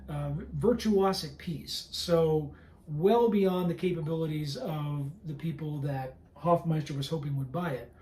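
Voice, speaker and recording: A man giving a relaxed, conversational pre-concert lecture as a cellist and director, explaining a piece and humming along with its phrases. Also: fairly high pitch, a little hiss or hum. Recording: echoey room with faint music.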